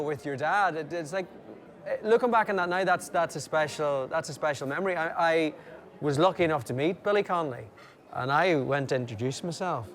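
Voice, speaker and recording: Lively man telling stories. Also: fairly high pitch, brisk. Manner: animated anecdotes with impressions and laughter. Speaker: guest. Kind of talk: casual storytelling chat.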